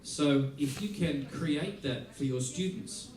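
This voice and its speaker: Animated storytelling man in an echoey hall. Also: a little high, takes it slowly, recorded from a distance. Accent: Australian. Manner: animated storyteller, acts out quotes, laughs often. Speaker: musician teaching a masterclass. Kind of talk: anecdote-driven talk to an audience. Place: large theater hall.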